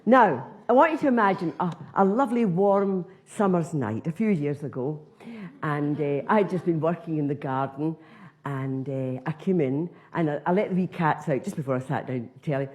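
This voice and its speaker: Lively Scottish woman telling a comic story. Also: sits low, moderate pace. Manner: conversational, self-mocking, lively. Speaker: comedian. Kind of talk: stand-up storytelling.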